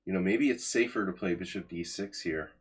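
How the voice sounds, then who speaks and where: A man's voice: sits low, fairly quick, breathy edge. A man in his forties giving sardonic, chatty commentary while he plays chess on a live stream and talks to his chat.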